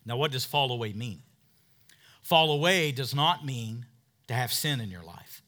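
Bright-voiced male pastor preaching emphatically. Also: medium pitch, lively intonation, unhurried, slight background noise. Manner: emphatic preaching with call-and-response. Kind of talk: sermon.

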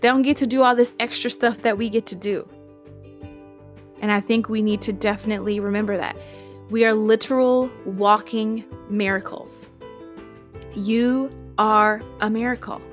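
A woman's voice: mid-range voice, steady tone, normal speed, soft background music. A woman hosting a motivational podcast monologue. She talks emphatically and repeats herself, piling up words and laughing between lines. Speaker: podcast host.

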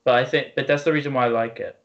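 Guy co-hosting a podcast, calm and earnest, kinda muffled dull audio. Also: medium pitch, racing, gravelly. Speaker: podcast co-host. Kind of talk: casual chat. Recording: dull lo-fi sound.

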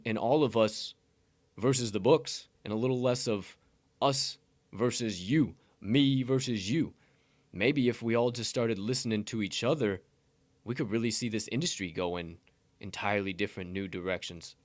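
A podcast co-host giving a casual motivational talk, blunt and profane, rambling with many restarts. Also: male voice, mid-range voice, no room sound.

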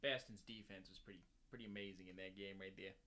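A man's voice: deep voice, steady tone, fast talker, bright, forceful tone. A man co-hosting a casual sports talk show, easygoing and joking. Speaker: podcast co-host.

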